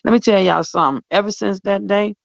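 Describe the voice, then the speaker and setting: On a radio show she co-hosts, a woman chats casually on air in a fervent, preachy manner, repeating herself for emphasis. Her mid-range voice is steady, fast and creaky. The recording is dry, with dull lo-fi audio.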